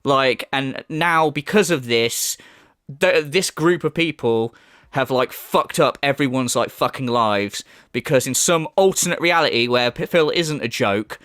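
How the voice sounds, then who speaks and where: A man's voice: medium pitch, measured pace, fairly bright tone, no echo, clean studio sound. A man giving a profane, mocking rant as a commentary YouTuber. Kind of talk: ranting reaction commentary.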